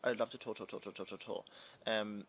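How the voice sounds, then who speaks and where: A man's voice: on the low side, fairly even intonation, quick pace, fairly bright tone. A young man from New Zealand with a slight British twang, answering live comments in a chatty, playful, scattered way. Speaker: drag performer reading live comments. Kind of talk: casual livestream Q&A.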